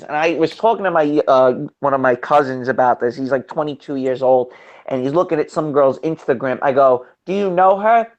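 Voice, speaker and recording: A young man in a casual chat, telling blunt stories full of swearing. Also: fairly high pitch. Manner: blunt, profane storytelling. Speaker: podcast co-host.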